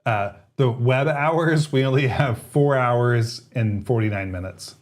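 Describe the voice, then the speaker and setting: A man co-hosting a tech livestream, chatting casually and laughing often while testing gear. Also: mid-range voice. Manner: laughs often, quick and playful. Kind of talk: casual chat.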